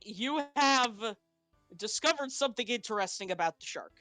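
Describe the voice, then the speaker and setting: A woman narrating as game master of a tabletop game, with a halting delivery full of restarts. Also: a little high, animated, pushed and bright, no room sound, soft background music.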